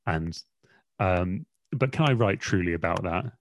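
A man's voice: low-pitched, expressive, unhurried. A man, a magazine editor, talking casually on a podcast in a rambling, self-deprecating way with lots of fillers.

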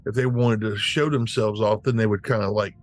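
A man's voice: fairly low pitch, fairly even intonation, brisk. A man playing a tabletop game, rambling with lots of fillers. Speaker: player.

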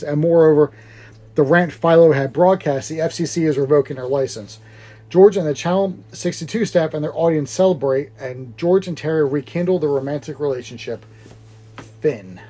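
Higher-voiced man rambling through a movie recap. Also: mellow. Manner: rambling, laughing, acts out movie lines. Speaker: podcast co-host. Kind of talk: casual movie recap chat.

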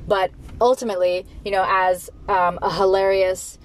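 Casual talker, a woman who rambles with animated asides, faint road noise behind. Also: normal speed, poor audio. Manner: animated, acts out whiny voices in high pitch, swears freely.

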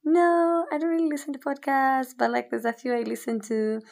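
A woman putting on a high, exaggerated voice to play a young female friend who is fussy about audio. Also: a little fast, creaky, a little mellow. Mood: disgusted. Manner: high-pitched, exaggerated, squealing disgust.

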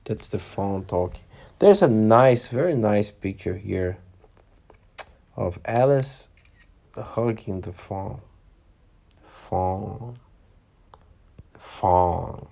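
A man's voice: on the low side, expressive, drawn-out words, gravelly, pauses often, dark tone. A man reading a children's book aloud to young listeners, stopping patiently to explain words and scenes.

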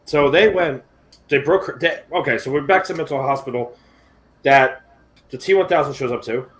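A man's voice: mid-range voice, moderate pace, fairly bright tone, rough recording. A man co-hosting a casual podcast, talking in a sardonic, profane storytelling way. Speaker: podcast co-host.

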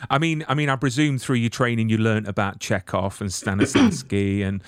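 A man's voice: on the low side, expressive, a little fast, no echo. A man hosting an interview, asking long, eager questions and often repeating words as he starts. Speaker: podcast host. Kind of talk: casual interview chat.

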